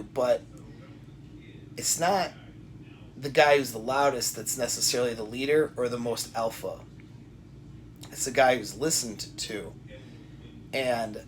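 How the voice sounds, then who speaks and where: A man talking straight to the camera with coaching advice, deliberate and repetitive, often restarting his sentences. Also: mid-range voice, a little hiss or hum. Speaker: self-help coach. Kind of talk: direct-to-camera advice talk.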